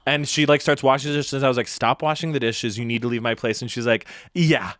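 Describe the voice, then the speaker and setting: A man's voice: medium pitch, steady tone, a little fast, a bit bright, dry recording, clean studio sound. A man, a guest comedian on a podcast, telling a story casually and acting out both sides of an argument with rising heat.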